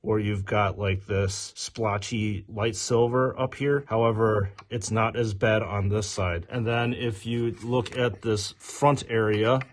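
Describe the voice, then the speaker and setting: A man's voice: fairly low pitch, steady tone, slow, hardly any pauses. A man hosting a casual product review, with upbeat, detail-focused commentary. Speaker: toy reviewer host.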